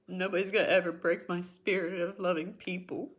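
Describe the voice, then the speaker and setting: Husky and on the low side, this voice has flat delivery and a fairly quick pace. It belongs to a middle-aged spiritual talk show host who speaks to her viewers in an emotional, personal way. She's earnest and encouraging, says things more than once for emphasis, and is tearful at times.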